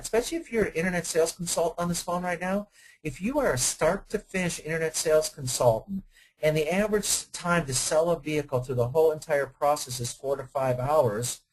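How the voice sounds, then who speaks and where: A fairly high, slightly breathy male voice comes through poor audio as a dealership sales trainer runs a webinar for car salespeople. He talks in an energetic, conversational way and leans heavily on rhetorical questions.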